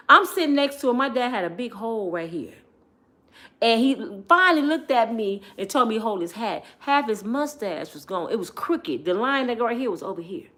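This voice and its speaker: A middle-aged woman telling family stories in a casual vlog, lively and chatty, laughing often and talking straight to her viewers. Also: a little high.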